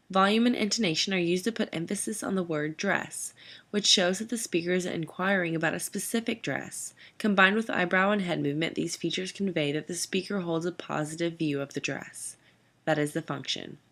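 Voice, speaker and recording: Woman, lowish voice, a bit of vocal fry, instructor, measured scripted lesson narration. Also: a bit bright. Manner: measured, reads lists of terms.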